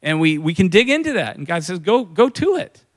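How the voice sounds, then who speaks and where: Brisk and sing-song, the high-voiced pastor delivers a chatty sermon. He keeps turning questions on the congregation and playing out quoted speech himself.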